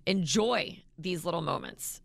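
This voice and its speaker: Woman radio co-host, thirties, gravelly voice, dry studio sound, chatty and emotional. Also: fairly low pitch, lively intonation, unhurried, no echo. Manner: chatty, emotional, reads listener texts aloud. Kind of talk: casual morning show chat. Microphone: studio microphone.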